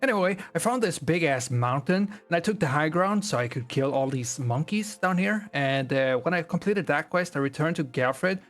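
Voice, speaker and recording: Young male creator, slightly high voice, crude slangy comedic retelling. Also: animated, normal speed, hardly any pauses, soft background music. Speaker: gaming video creator.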